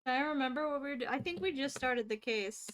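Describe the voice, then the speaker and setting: A woman gaming streamer commenting live, excitable and blunt, swearing and laughing at the game. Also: high voice, fast talker, noisy background. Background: game music.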